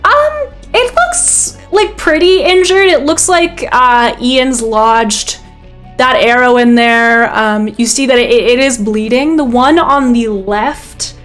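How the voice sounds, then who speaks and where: Woman game master, vivid descriptive narration, slightly high voice, faint music behind. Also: lively intonation, takes it slowly, fairly bright tone. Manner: vivid, descriptive, with frequent ums and self-corrections.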